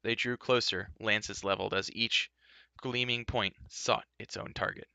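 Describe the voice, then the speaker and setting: A man's voice: steady tone, unhurried, creaky, clear, resonant tone, no echo. A man reading a fantasy storybook aloud, giving the characters their own voices. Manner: shifts pitch and loudness for each character's lines. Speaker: audiobook reader.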